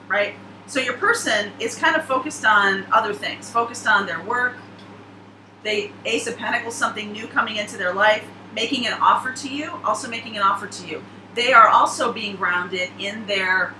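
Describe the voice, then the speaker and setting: A woman's voice: mid-range voice, moderate pace, roomy sound, background noise. A woman giving a casual, chatty tarot reading, laughing and rambling through asides. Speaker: tarot reader.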